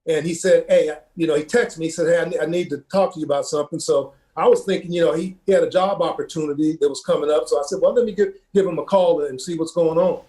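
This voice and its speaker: The Ohio coach's voice is a little high and dark as he shares a personal story. His telling is earnest and halting, cluttered with filler words and repeats.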